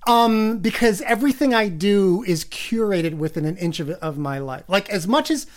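A woman hosting a casual conversation, speaking in a measured, reflective way with hesitant starts. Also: mid-range voice, animated.

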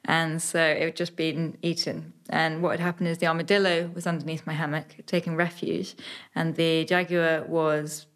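A young British woman, an adventurer, telling stories in a podcast interview, animated with many fillers and restarts. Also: low-pitched, moderate pace. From Britain. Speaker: adventurer guest.

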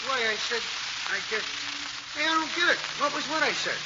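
An actor playing a chatty, streetwise male cab driver with a fast slangy patter, in 1940s radio acting. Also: extremely high pitch, animated. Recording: hissy, muffled 1940s radio recording.

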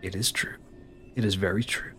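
A man's voice: lowish voice, measured pace, husky. A man playing a smug scheming sorcerer. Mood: scornful. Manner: smug, theatrical, dismissive laughs. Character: scheming grandiose male sorcerer.

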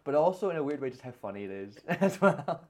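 A man's voice: on the high side, quick pace. A young man co-hosting a podcast, telling stories in casual chat with frequent laughter. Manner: laughs often, animated storytelling. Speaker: podcast co-host.

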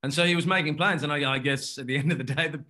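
A little high, with fairly even intonation and a sharp tone, this man chats casually as a guest. He rambles through his story, cutting in on himself to restart, and laughs often.

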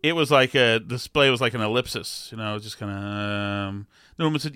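A man in his forties telling a comic story about himself, self-deprecating and animated, acting out the dialogue. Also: lowish voice, normal speed, clean tone, no room sound, clean studio sound. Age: 40s. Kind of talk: comedic storytelling.

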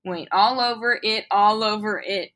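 A woman's voice: mid-range voice, a little slow, a bit bright. A young woman co-hosting a casual comedy show, reading fan fiction aloud with swearing and dramatic flair. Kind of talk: casual comedic read-along.

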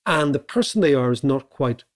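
In casual podcast chat, a middle-aged Irish man co-hosts with an animated, mid-range voice. He thinks out loud and keeps tossing in a quick "right?" to check in.

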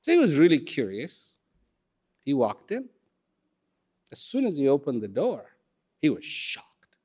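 A man telling a story in a talk, unhurried and expressive, with dramatic pauses. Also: a little high, breathy edge. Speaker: speaker.

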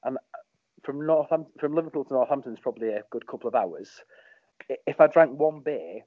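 A former football captain chats through old match memories in a loose, rambling way. His voice sits at an ordinary male pitch and has an animated lilt. The recording is dry and slightly dull. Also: brisk, no echo. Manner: animated, rambling, lots of ums. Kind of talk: casual storytelling interview.

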